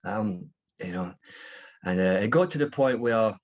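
Husky man sharing his story. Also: fairly low pitch, lively intonation, a little slow. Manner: candid, rambling, with frequent fillers and restarts. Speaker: recovery meeting speaker. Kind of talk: personal recovery share.

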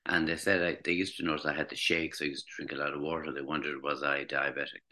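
A man's voice: extremely low pitch, little pitch movement, fast, pushed and bright. A man in his sixties, once a teacher, tells a personal story in a reflective, hesitant way, with many restarts. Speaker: former teacher recounting recovery.

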